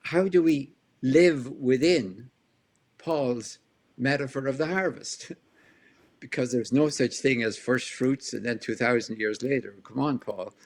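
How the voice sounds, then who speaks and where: A male scholar answers an interview question in an animated lecturing way. He fires off rhetorical questions and chuckles between points. His voice sits at an ordinary pitch for a man. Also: measured pace. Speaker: guest scholar.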